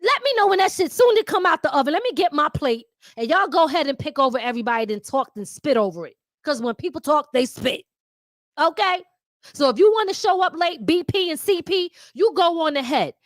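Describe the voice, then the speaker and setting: Lively Philly-New York woman host. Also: high voice, brisk, no room sound, clean studio sound. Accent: mix of Philadelphia and New York. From Philadelphia, USA. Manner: animated, laughing often, slangy and blunt. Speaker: talk show host. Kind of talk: casual monologue to viewers.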